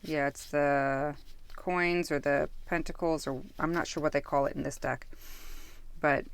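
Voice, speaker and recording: A woman's voice: sits low, vocal fry, no echo. A woman casually reviewing a tarot deck, musing aloud, losing her thread and correcting herself. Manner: musing, self-interrupting, easily sidetracked.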